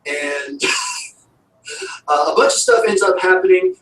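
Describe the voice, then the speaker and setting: Animated man recapping, roomy distant sound. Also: high voice, takes it slowly. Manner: rambling, animated, full of fillers. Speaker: show reviewer. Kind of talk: casual episode recap. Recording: roomy, distant mic with faint noise.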